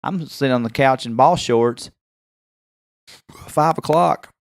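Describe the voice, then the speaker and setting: A man in his thirties rambles through a casual story and slips into the voices of the people he quotes. His pitch sits in the middle range, and the recording is dry and close with no room sound. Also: normal speed, dry recording. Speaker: podcast co-host.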